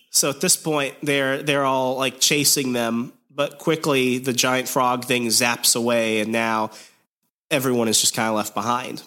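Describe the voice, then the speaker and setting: A man hosting a podcast, giving a rambling, animated, casual recap of a comic. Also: mid-range voice, measured pace. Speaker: podcast host.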